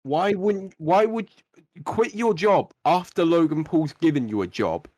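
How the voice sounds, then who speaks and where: A man's voice: fairly high pitch, expressive, unhurried, darkish tone, dry recording, clean studio sound. A young man co-hosting a podcast, telling the story with energy, swearing and mimicking the people in it. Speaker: podcast co-host. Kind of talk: casual chat.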